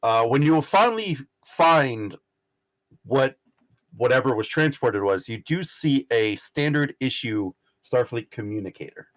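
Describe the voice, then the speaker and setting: A man in a mid-range voice runs a tabletop game as its game master. He narrates the scene haltingly and fills his pauses with ums and uhs. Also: medium pitch, lively intonation, a bit bright, rough recording.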